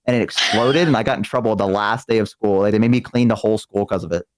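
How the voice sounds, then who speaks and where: A man from the American South telling stories in casual chat, animated and profane, acting out the other people in them. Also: on the low side, quick pace, no room sound. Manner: animated, profane, acts out quoted voices. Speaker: streaming guest.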